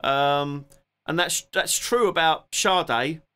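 A man with a Cockney accent, sitting at home hosting a relaxed music live stream and chatting loosely as he thanks viewers by name. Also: a little high, takes it slowly, clear, resonant tone. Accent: Cockney English. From England. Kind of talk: casual live-stream chat.

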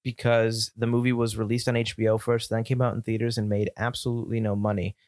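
A man from upstate New York, co-hosting a casual film podcast, opinionated and animated, sometimes slipping into mock voices. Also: on the low side, fast, no echo, studio quality. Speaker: podcast co-host.

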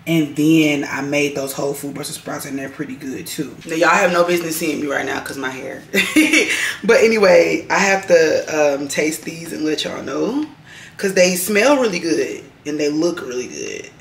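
A woman's voice: deep voice, lively intonation, normal speed, vocal fry, roomy sound, a little hiss or hum. A woman, chatting candidly and rambling to her vlog camera in her home kitchen, swearing casually. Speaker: lifestyle vlogger.

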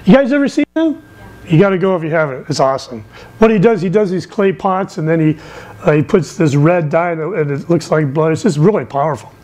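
A middle-aged man giving a lively sermon from the pulpit, telling stories with big swings in his voice. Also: brisk, rough recording. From England. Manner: animated, storytelling with wide swings in pitch. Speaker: missionary speaker.

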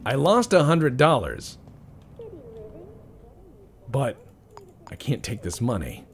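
A man's voice: mid-range voice, huge pitch swings, slow pace, a little hiss or hum. A young man giving casual, joking commentary while playing a game, muttering to himself. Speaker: let's-play gamer.

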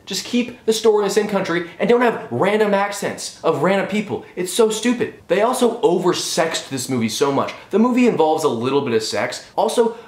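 A young man giving a sarcastic, profane movie review rant on his vlog. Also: fairly high pitch. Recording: roomy echo.

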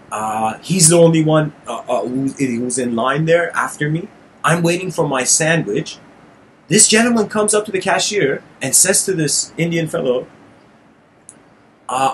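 A man hosting his channel, telling a personal story in an animated monologue, addressing listeners as "guys" and getting heated and intense. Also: fairly high pitch, slight background noise. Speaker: channel host giving a lecture.

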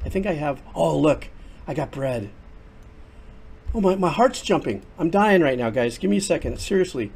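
Excitable older man streaming a game. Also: a little high, normal speed, creaky, slightly rough. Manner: chatty, excitable, exclaims often. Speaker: streamer and composer. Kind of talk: casual livestream commentary. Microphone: headset.

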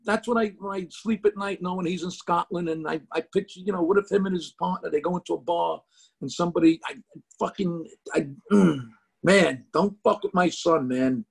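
A middle-aged comedian with a New Jersey accent, talking bluntly and profanely in a casual interview over a video call. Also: male voice, high voice, steady tone, fairly quick, creaky, darkish tone, breathy edge. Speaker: comedian guest.

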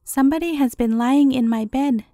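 A woman reading the lines of a great big gruff father bear from a fairy tale, close to her own storytelling voice. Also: high voice, moderate pace, mellow, no echo. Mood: indignant.

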